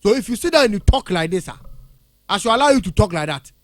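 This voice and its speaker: A man with a Ghanaian accent in heated radio talk, animated and indignant, switching between English and Twi. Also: high-pitched, fast, dry recording, studio quality.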